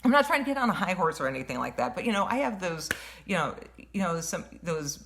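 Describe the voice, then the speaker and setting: A woman telling a personal story in a casual vlog, animated and rambling, full of fillers and restarts. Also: on the low side, fast, vocal fry. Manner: says she has a wicked tongue. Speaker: vlogger.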